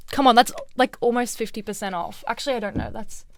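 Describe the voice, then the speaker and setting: A woman's voice: fairly high pitch, fast, a crowd in the background. A young woman, co-hosting a casual chat podcast, telling a work story with lots of acted-out quotes and swearing. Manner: animated storyteller, acts out quotes, swears freely. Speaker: podcast co-host.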